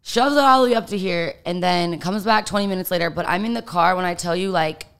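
A young adult woman with a lowish, smooth, slightly bright voice speaks at a quick pace as an interview guest. She tells a casual story candidly and profanely, using "like" constantly.

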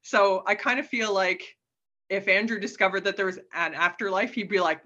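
A woman's voice: mid-range voice, steady tone, moderate pace, bright, forceful tone, dull audio. A woman guest telling stories in a casual, chatty way, often adding "like" and "right?" and laughing. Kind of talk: casual storytelling.

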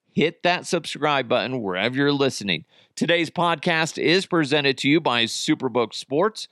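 A man hosting his own podcast, rambling and joking with sudden high-pitched bursts. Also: pushed and bright, dry recording, clean studio sound. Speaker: podcast host. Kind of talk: casual solo podcast chat. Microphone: camera and studio mic.

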